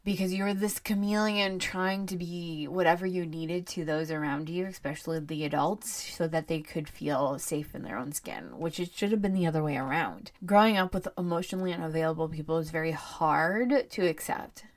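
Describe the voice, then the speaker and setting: A woman's voice: low-pitched, moderate pace, few pauses. Candid woman ranting on her podcast. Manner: candid, rambling, animated when ranting. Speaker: podcast host. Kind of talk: casual solo podcast monologue.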